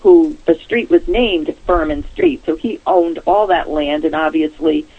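A woman's voice: low-pitched, unhurried, breathy edge. Woman telling a story over a phone line. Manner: chatty, laughs often while telling. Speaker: caller. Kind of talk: telling a personal ghost story. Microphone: telephone.

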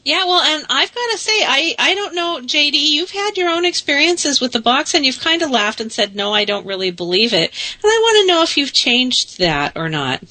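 A woman hosting a talk show, asking a guest a direct question in a lively way. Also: high-pitched, moderate pace, hardly any pauses. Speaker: host. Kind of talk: casual chat.

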